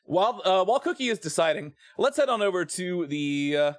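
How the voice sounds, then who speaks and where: A man's voice: high voice, very animated, brisk, no room sound, clean studio sound. A man streaming a game, chatting casually with his chat and using lots of fillers. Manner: chatty, filler-heavy, greets chat by name.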